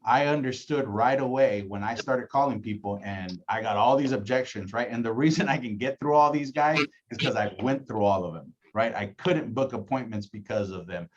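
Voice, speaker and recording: A man's voice: medium pitch, normal speed, few pauses, muffled recording. A man coaching colleagues on setting phone appointments, acting out calls and often tagging his points with "right?". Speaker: insurance agency director. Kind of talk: casual training talk.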